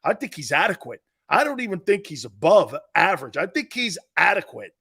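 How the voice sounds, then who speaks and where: A man's voice: high-pitched, big pitch swings, brisk, gravelly, sharp tone, breathy edge. A man hosting a sports talk show, blunt and brash, trash-talking callers and hammering his points home with a repeated "Okay?".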